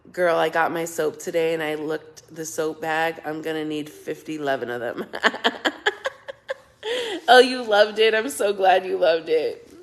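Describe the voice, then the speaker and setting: A woman's voice: sits low, measured pace. A middle-aged woman hosting a casual livestream, chatting and thanking viewers by name, often laughing. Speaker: livestream host reading viewer comments.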